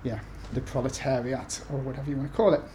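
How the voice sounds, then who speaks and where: A man's voice: mid-range voice, flat delivery, fast, mellow, a little hiss or hum. A man in his thirties from the UK, an author talking to an event audience with many ums and restarts, then reading his essays aloud. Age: 30s.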